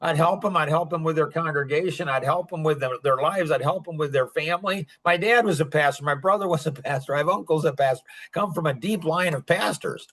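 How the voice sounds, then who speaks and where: A man's voice: fairly high pitch, brisk, hardly any pauses, fairly bright tone. A man hosting a podcast in a casual, rambling chat, chuckling often and saying "like" a lot. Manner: rambling, chuckling, heavy use of "like". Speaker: podcast host.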